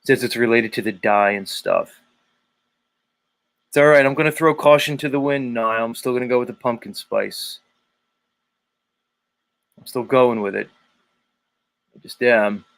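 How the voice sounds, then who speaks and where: A man's voice: mid-range voice, measured pace, creaky, long pauses, fairly bright tone. A man hosting a livestream, chatting casually and crudely as he greets viewers and reads their comments. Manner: crude, joking, rambling. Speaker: livestream host.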